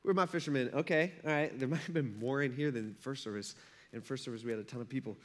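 A male pastor preaching a sermon in a conversational, animated way, acting out little scenes with playful voices. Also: medium pitch, fast. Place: church service.

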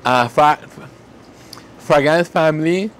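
A man making candles, talking in an emotional, heartfelt way and slowly reading out fragrance notes. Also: fairly high pitch, slight background noise. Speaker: candle maker. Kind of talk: casual vlog talk.

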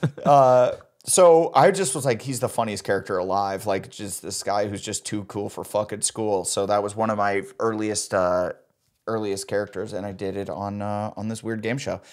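Animated man telling a comic story. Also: lowish voice, moderate pace. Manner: animated, acts out quoted voices. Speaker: podcast co-host. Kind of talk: casual chat, comic storytelling.

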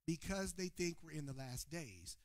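A man preaching a sermon to his congregation, calling on people by name and swinging between shouted points and quiet asides. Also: fairly high pitch, animated, moderate pace, dry recording, clean studio sound. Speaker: pastor. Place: church sanctuary before a congregation.

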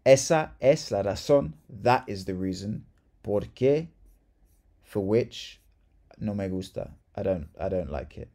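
Brief: male language tutor, mellow, gravelly, chatty and upbeat. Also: on the low side, lively intonation, unhurried. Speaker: Spanish teacher. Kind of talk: casual video lesson.

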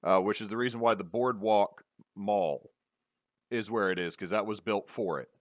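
A man hosting a casual podcast, rambling with many fillers and pauses. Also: fairly low pitch, no echo, clean studio sound. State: hiccups. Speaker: podcast host.

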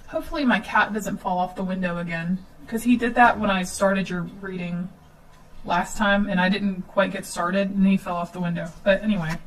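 A woman's voice: mid-range voice, distant mic. Woman tarot reader, casual home reading, slight hiss, nervous laugh. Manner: chatty, with filler ums and nervous laughs.

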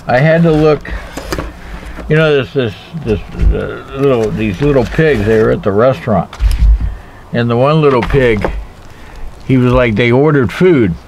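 A man's voice: medium pitch, a little slow, vocal fry, pauses often, slight background noise, poor audio. A man casually reviewing knives in a rambling, joking way, talking to himself as he handles them outdoors. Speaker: knife reviewer. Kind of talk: casual knife review vlog. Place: outdoors in a backyard.

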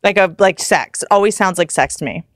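A woman's voice: on the low side, a little fast, no echo, clean studio sound. A woman in her thirties hosting a podcast, chatting casually with blunt, crude jokes. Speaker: podcast host. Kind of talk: casual chat and read ad.

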